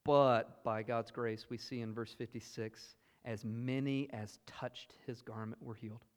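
A man with a Southern US accent preaching a sermon, earnest and emphatic, moving between loud exclamations and hushed asides. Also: medium pitch, unhurried. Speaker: pastor. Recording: long hall reverb.

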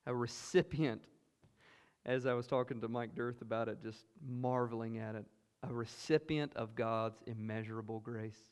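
A man with a Southern US accent preaching a sermon, earnest and emphatic, moving between loud exclamations and hushed asides. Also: mid-range voice, steady tone, moderate pace, clear, resonant tone. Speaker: pastor. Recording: long hall reverb.

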